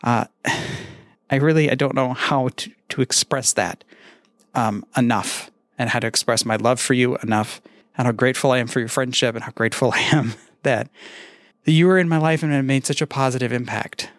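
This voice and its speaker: A man recording a casual podcast message, telling groan-worthy puns in a deadpan, self-mocking way and swearing now and then. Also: medium pitch, normal speed, no echo. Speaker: podcaster sending a tribute.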